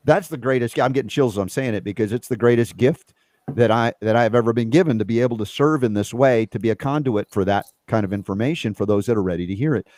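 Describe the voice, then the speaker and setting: A man hosting a casual spiritual conversation, earnest and reflective, sometimes jumping up in pitch as he gets animated. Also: dry recording. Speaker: host.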